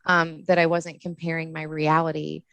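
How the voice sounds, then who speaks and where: Passionate low-voiced woman doula. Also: normal speed, creaky, clean tone, dry recording. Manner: passionate, animated, laughs often. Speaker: postpartum doula and lactation counselor. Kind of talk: casual podcast interview.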